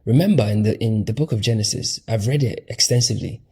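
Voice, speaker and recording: A man teaching in a loose, slangy, emphatic manner, scattering fillers as he talks. His voice is low and gravelly with a husky edge. The delivery stays casual and conversational throughout. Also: fast talker, warm tone. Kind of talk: casual spiritual lecture.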